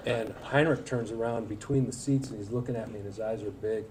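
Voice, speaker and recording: A man's voice: on the low side, distant mic, slight background noise, rough recording. Folksy man telling stories from afar. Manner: folksy storytelling with frequent filler words and self-deprecating humor. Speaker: alumni guest speaker. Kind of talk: anecdotal speech to an audience. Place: event hall at a school breakfast.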